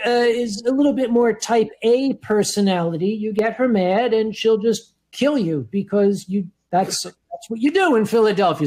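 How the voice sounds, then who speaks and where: A man co-hosting a comedy stream while drinking, giving drawn-out mock-stern advice and clearing his throat often. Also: high voice, a little mellow. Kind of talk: casual comedic monologue.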